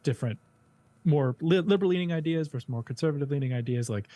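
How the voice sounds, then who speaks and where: A man's voice: fairly high pitch, fast talker, warm tone, no room sound. A man co-hosting a live talk show, rambling casually and reading viewer comments aloud. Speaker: co-host reading viewer super chats. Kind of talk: casual live-stream chat.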